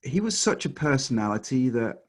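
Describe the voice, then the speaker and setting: Husky-voiced man, earnest guest. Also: medium pitch, big pitch swings. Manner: earnest, halting restarts, laughs easily. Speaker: guest, life coach and author. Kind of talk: casual interview chat.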